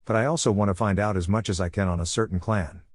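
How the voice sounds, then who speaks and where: A man's voice: fairly low pitch, fairly even intonation, fast talker, dry recording, clean studio sound, natural voice. A man voicing an eager, boastful young ninja student in a read-aloud story.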